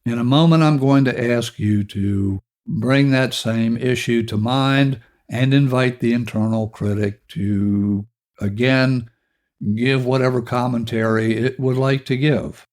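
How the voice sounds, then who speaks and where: A middle-aged man speaks slowly and deliberately as he guides a self-help exercise. His voice sits at a middle pitch, and he addresses the listener directly in a calm, instructive way. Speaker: podcast host.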